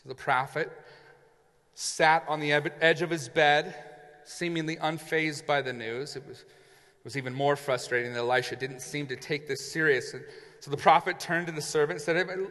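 Pastor guy telling a story in a sermon, bright voice, lots of church hall echo. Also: a little high, steady tone, moderate pace. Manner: vivid retelling, acting out the characters. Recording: long reverb in a large hall.

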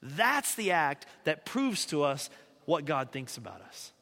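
A male preacher with a high, bright voice tells a story from scripture in plain, conversational talk. He slips into the people's voices casually as he goes. His words ring out in a hall with a long reverb. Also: big pitch swings, measured pace. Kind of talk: sermon.

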